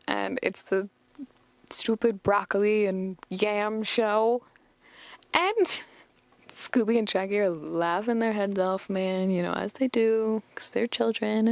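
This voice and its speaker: A woman's voice: medium pitch, vocal fry, no room sound. A young woman hosting a podcast, recapping a cartoon episode in a rambling, chatty way full of fillers. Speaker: podcast host.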